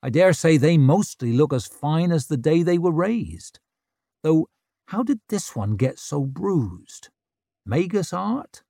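A man's voice: on the high side, big pitch swings, slow pace, gravelly, warm tone, dry recording, studio quality, pitched above the performer's own voice, exaggerated voice. A man voicing a brash young woman chieftain who needles and teases in a cheeky, mocking way.

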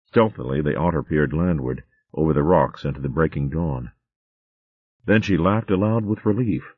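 A man narrating a storybook in an animated, expressive way. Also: extremely low pitch, moderate pace, no echo. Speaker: audiobook narrator. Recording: phone-like dry audio.

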